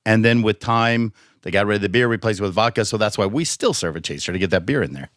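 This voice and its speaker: A man's voice: on the low side, animated, fast, fairly bright tone, no room sound, studio quality. A man chatting on a podcast as guest host, emphatic and enthusiastic. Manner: enthusiastic, emphatic, jumps in with asides. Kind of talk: casual podcast chat.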